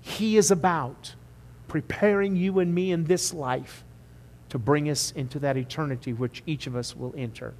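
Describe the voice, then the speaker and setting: A man preaching a sermon as pastor, emphatic at the peaks and quiet and slow when he appeals to the congregation. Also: on the high side. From United States. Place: church sanctuary. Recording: long church reverb.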